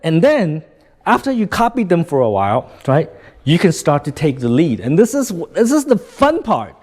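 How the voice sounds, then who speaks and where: A man's voice: fairly high pitch, huge pitch swings, normal speed, darkish tone. A man teaching sales communication in a casual, plain-spoken way, constantly checking in with "right?" as he demonstrates gestures.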